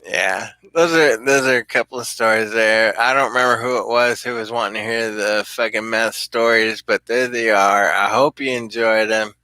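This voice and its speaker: A man's voice: lowish voice, steady tone, moderate pace, hardly any pauses, sharp tone, no room sound. A middle-aged man telling rambling, profane stories in a casual vlog and laughing often. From California. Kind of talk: casual storytelling.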